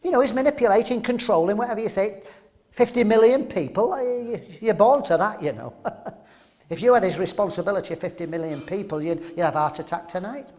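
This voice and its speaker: A man's voice: high voice, lively intonation, fairly quick, darkish tone. An older man from England preaching a sermon, emphatic and full of rhetorical questions.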